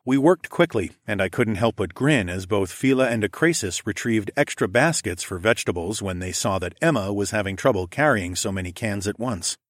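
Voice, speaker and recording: A man narrating an audiobook in the first person, telling the story in a steady, even way. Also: on the low side, moderate pace, few pauses, no room sound, studio quality.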